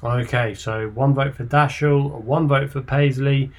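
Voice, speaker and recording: A man's voice: medium pitch, steady tone, gravelly. A man hosting a horse racing podcast, running through the odds and turning to his panel for their picks. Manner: measured, asks panel for picks. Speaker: podcast host. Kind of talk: racing tipping podcast chat.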